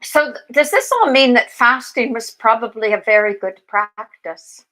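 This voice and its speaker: A woman's voice: fairly high pitch, normal speed, a bit bright, poor audio. A woman co-hosting a casual chat, chiming in with short agreeing remarks and questions. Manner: brief, agreeable interjections.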